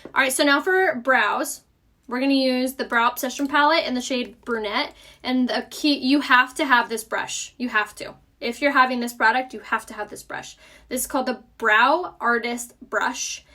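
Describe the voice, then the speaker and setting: A woman's voice: high voice, normal speed, sharp tone. A young woman with a Southern US accent hosting a casual live makeup tutorial, chatty and upbeat as she answers viewer comments.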